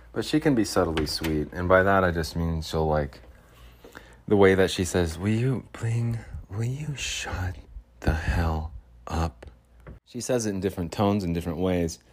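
A man's voice: deep voice, moderate pace. A man hosting a solo podcast, talking in a meandering way with chuckling, self-mocking asides. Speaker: podcast host. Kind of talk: rambling solo podcast monologue.

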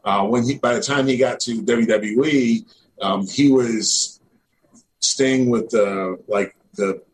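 A middle-aged former pro wrestler from Northeast Missouri, USA, tells stories as a guest in a casual interview. He speaks slowly in a mid-range voice, rambling with plenty of fillers like "you know" and "man", on a low-quality recording.

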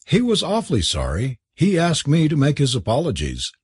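A husky-voiced man reading aloud, voicing a young gentleman who speaks in an earnest, apologetic, formal manner. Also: fairly high pitch, wildly swooping pitch, normal speed, dry recording, studio quality, voice pushed up, heavily acted. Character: embarrassed young American gentleman.

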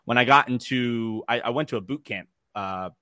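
This young man talks in a bright, forward voice, telling stories casually with plenty of fillers and little laughs. The sound is dry and close, with no room around him. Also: medium pitch, clear, resonant tone, dry recording. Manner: animated storyteller, quick laughs, many fillers. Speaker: guest, developer experience engineer. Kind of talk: casual podcast chat.

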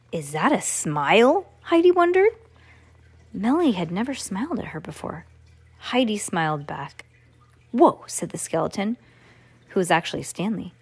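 A woman reading a children's storybook aloud as a podcast host, breaking off for playful, chatty asides to a child listening. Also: lowish voice. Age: adult.

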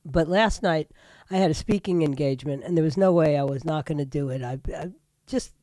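A woman's voice: sits low, brisk, mellow, no room sound. An older woman hosting a talk radio show, sick with a stuffy nose and a nasal voice, rambling in a chatty monologue full of fillers.

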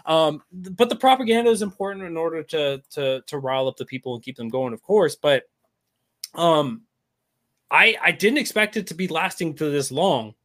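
Animated, rambling male podcast guest. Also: a little high, moderate pace. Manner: animated, rambling, restarts often. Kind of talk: casual political talk.

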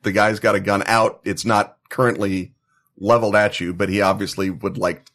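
A man's voice: on the low side, flat delivery, moderate pace, fairly bright tone. A man narrating as game master for a tabletop game, with many fillers. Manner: hesitant, lots of fillers.

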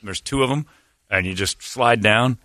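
A man's voice: fairly low pitch, bright, forceful tone, dry recording, clean studio sound. A man hosting a radio show, teasing his co-hosts in casual banter and laughing easily. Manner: joking, teasing, quick to laugh.

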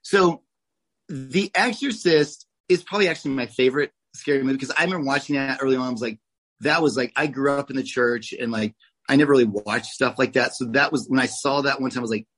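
A man in his forties from Oklahoma, a guest telling lively, salty stories from his childhood in a casual interview. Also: medium pitch, fast talker, poor audio. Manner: animated, swears, acts out quoted voices. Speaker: guest, oral surgeon.

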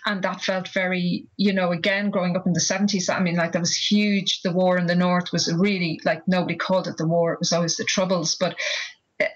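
Irish author lady in her 50s, kinda rambly and thoughtful, lowish voice, muffled audio. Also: little pitch movement, brisk. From Ireland. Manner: thoughtful, rambling, with many restarts and fillers. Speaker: author guest. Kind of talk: casual interview conversation. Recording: dull lo-fi audio.

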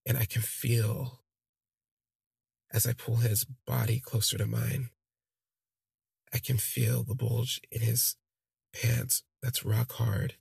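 A man's voice: mid-range voice, level tone, slow pace, vocal fry, pauses often, darkish tone, husky, no echo. A man casually telling a personal story on his podcast, candid and rambling, with lots of fillers. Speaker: podcast host.

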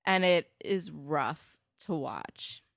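A woman's voice: low-pitched, expressive, extremely slow, creaky, dry recording, clean studio sound. A young woman co-hosting a casual recap chat, candid and blunt, swearing when annoyed. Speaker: podcast co-host.

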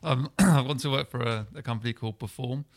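A man's voice: mid-range voice, quick pace. A man on a football podcast panel, talking hesitantly and often restarting. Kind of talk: casual chat.

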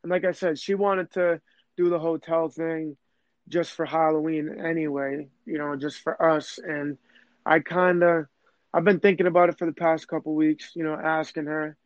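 A man's voice: on the high side, level tone, moderate pace, no echo. A young man casually telling a personal story, rambling and emotional, full of fillers and restarts. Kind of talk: casual conversation. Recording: dull lo-fi sound.

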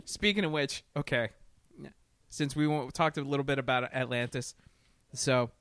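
A man chatting casually about a movie, animated and often laughing, mocking what he saw with quick impressions. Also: medium pitch, clean tone, no room sound, clean studio sound. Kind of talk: casual podcast movie chat.

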